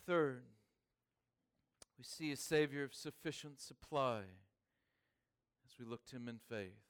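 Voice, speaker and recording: A man preaching a sermon, swinging between hushed, quiet passages and emphatic, raised lines. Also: medium pitch, measured pace, clean tone. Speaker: pastor.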